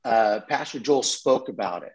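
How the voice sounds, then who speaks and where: A man's voice: medium pitch, lively intonation, moderate pace, low-quality recording. A middle-aged man, a pastor, telling a personal testimony in an interview, earnest and with frequent repeated words. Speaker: associate pastor.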